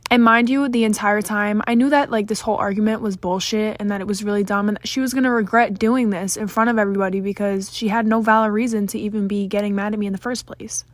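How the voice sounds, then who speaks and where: A woman narrates a casual storytime in a chatty way, dropping "like" fillers and casual swears. Her voice sits at a middle pitch. The sound is dry and close, as if into a phone. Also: fairly even intonation, fast talker, few pauses, no echo.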